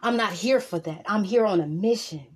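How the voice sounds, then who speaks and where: Husky woman preaching fiery self-empowerment. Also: medium pitch, moderate pace. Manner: emphatic, preachy, profane; repeats lines for emphasis. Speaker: vlogger. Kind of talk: motivational monologue to camera.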